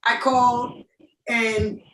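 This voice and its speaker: A middle-aged woman telling her story in a casual, animated way, often laughing and acting out what people said. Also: on the high side, slow, echoey room, recorded from a distance, a little hiss or hum. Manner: animated, laughing, quoting others in voices.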